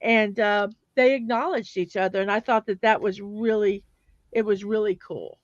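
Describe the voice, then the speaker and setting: A woman's voice: mid-range voice, steady tone, moderate pace, dry recording, highs cut off. Chatty woman rambling as she builds. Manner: chatty and rambling, with fillers and restarts. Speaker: host of a building-block livestream. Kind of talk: casual livestream chat while building.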